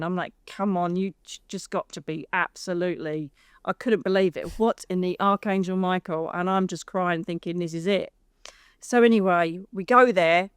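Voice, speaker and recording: English woman, middle-aged, animated storyteller, clear smooth voice, close dry sound, acts out quoted lines. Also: medium pitch, no echo. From United Kingdom. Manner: lively, acts out quoted voices, says "darling". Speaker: psychic medium guest.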